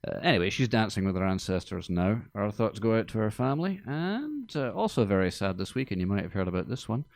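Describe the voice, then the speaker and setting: A man with a very low, gravelly voice hosts a casual movie podcast. He delivers his chat with dry, deadpan humor, and the studio sound is close and dead. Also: quick pace, no echo. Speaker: podcast host.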